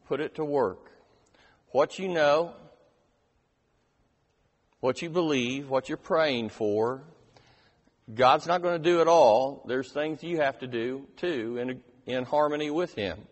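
A man preaching a sermon, reading scripture with strong emphasis and slowing down on key lines. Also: fairly high pitch. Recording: reverberant hall.

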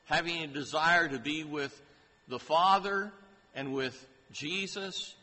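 Slow, bright-voiced preacher in a reverberant hall. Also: male voice, a little high. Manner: slow, deliberate preaching with emphatic rises on key phrases. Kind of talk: sermon. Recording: hall reverb with faint ambient noise.

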